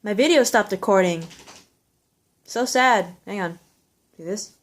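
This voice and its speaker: A woman's voice: medium pitch, unhurried. A woman vlogging in a casual, rambling and gushing way, with many fillers. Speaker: vlogger reviewing a TV episode. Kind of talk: casual chat.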